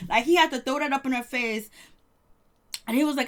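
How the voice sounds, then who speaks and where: Woman reality-TV reviewer, high voice, casual and lively, mimics and laughs a lot. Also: fast talker. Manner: animated, mimics people she talks about, laughs often. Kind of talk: casual chat.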